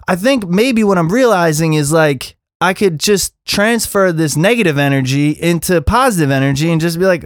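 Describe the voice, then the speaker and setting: A man's voice: fairly high pitch, no echo, clean studio sound. A man in his thirties hosting a solo podcast, ranting casually and swearing often. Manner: animated, profane, ranting. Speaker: podcast host.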